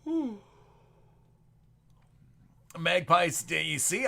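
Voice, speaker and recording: A man with a gravelly, somewhat raised voice and a bright, forceful edge hosts a card break livestream. He keeps up loose, joking banter with the people watching. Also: a little high, lively intonation, a little slow. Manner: chatty, joking banter with viewers. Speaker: sports card break host. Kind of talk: casual livestream chat.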